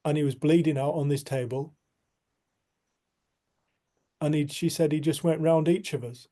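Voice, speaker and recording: Speaking to a community group, a man with a slightly high, steady voice gives an earnest, reflective spiritual talk built around a personal story. At times he grows soft and slow.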